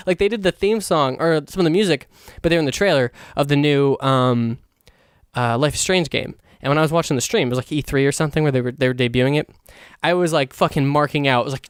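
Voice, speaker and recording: A young man rambles through a solo podcast, gushing and swearing in a loose, excitable way. His voice sits a bit high and comes out fast and clean, and the recording is dry, with no room echo. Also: clean tone. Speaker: podcast host. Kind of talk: casual solo podcast monologue.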